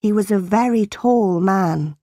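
Slow, deliberate woman storyteller. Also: medium pitch, warm tone, no room sound, studio quality. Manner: clear, deliberate reading. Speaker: narrator. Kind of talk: slow graded-reader storybook narration.

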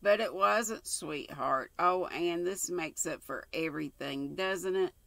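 A woman's voice: on the low side, measured pace, vocal fry, a bit bright, no room sound. An older woman reading the lines of an earnest, tender young man in love from a storybook.

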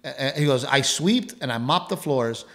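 A podcast co-host tells a family story in a rambling, casual manner, restarting often, repeating words, and laughing as he goes. His voice is mid-range, expressive, and fairly bright, at a moderate pace.

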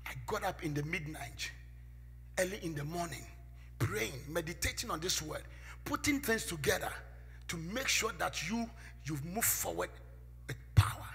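High, gravelly preacher shouting in a hall. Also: male voice, lively intonation, moderate pace. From Ghana. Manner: preaching with call-and-response, shouting and dropping to near-whispers. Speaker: pastor. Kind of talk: sermon. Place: church sanctuary. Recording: echoey church hall with music behind.

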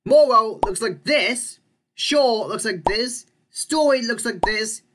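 A woman's voice: on the high side, animated, takes it slowly. A woman narrating a casual explainer video over slides, chatty and often checking in with a rising "yeah?". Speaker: video creator explaining spelling reform.

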